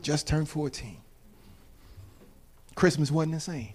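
A man in his fifties, a preacher giving a sermon that builds from quiet storytelling to shouted, tearful preaching. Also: a little high, slow, breathy edge. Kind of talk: sermon testimony.

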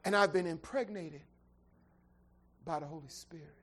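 A preacher voicing Mary as a frightened young pregnant woman, praying softly and tearfully during a sermon. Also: mid-range voice, normal speed, natural voice. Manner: soft, tearful pleading prayer. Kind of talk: sermon storytelling.

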